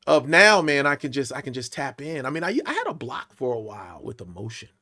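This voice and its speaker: A man in his late forties, a podcast guest telling stories in an animated way, acting out the voices of the people in them. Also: mid-range voice, a little fast. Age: late 40s. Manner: lively, acts out quotes in big jumps of voice. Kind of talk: animated storytelling interview.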